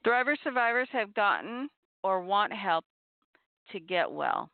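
A middle-aged woman hosting a talk show on abuse recovery, giving earnest, measured advice and repeating her key points. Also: mid-range voice, expressive, no room sound. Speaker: podcast host on abuse recovery. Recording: tinny phone-like audio.

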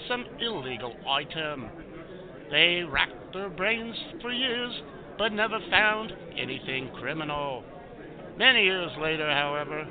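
A man voicing a slow-talking male foreign correspondent who tells a joke in a grandiose, drawn-out way. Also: high-pitched. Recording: tinny phone line with party crowd.

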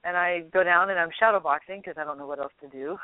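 A woman's voice: fairly low pitch, fast talker. Woman telling a story on a phone line. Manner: animated, laughs often, acts out quotes. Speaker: guest. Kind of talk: casual storytelling. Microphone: telephone. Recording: tinny dry phone line.

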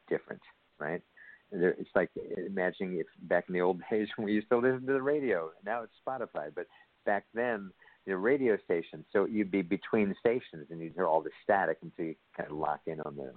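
A man speaking as a guest in an interview, animated and thoughtful. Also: deep voice. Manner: animated, acts out quoted dialogue. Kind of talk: conversational interview. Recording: phone-like line, dry.

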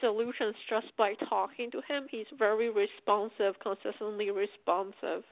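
A woman's voice: mid-range voice, fairly even intonation, normal speed, no echo. A woman calling in to a radio show, talking hesitantly with many fillers. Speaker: caller. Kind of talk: casual phone call. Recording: tinny phone line, dry.

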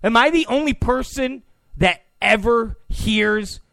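A man's voice: extremely high pitch, slow, creaky, a bit bright, no echo. A male talk show host delivering a political monologue in a mocking, joking way, with mock apologies.

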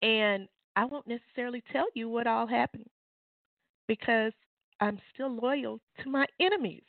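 A woman's voice: moderate pace, vocal fry, dry recording. Fervent woman on a tinny phone line. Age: adult mother. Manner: fervent, preachy, swings into high exclamations. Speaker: author and guest. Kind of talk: testimony on a call-in show.

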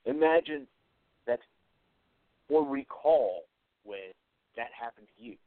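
The host of an atheist commentary show, a man with a creaky mid-range voice, delivers an earnest, reflective solo monologue. He repeats short phrases and hesitates often, and the recording sounds tinny, phone-like and dry, without echo.

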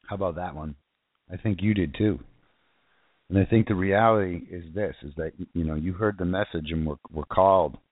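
A man's voice: low-pitched, normal speed, dry recording. A man preaching an informal, fervent sermon that rambles, with frequent restarts and repeated phrases. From South Florida. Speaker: internet radio preacher. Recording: tinny phone-line sound.

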